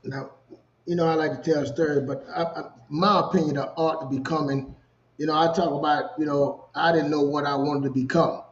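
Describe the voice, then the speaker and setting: A man with a Louisiana accent, a co-host telling a personal story in casual, animated talk. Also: fairly high pitch, fairly quick, highs cut off. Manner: animated storyteller, repeats "you know what I'm saying". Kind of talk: storytelling chat.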